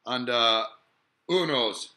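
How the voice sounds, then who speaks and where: A man talks slowly in a mid-range voice with a bright, forceful tone, delivering a profane, rambling monologue. He hesitates constantly, leans on filler sounds, and digresses in a musing way punctuated by rhetorical questions.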